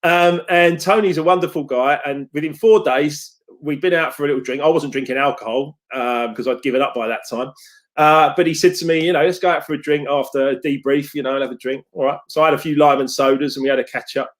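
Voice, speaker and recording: A man's voice: fairly high pitch, fast. A middle-aged man, a success coach, telling stories in a chatty, upbeat way to his followers. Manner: chatty and upbeat, storytelling with quotes. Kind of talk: casual live talk to followers.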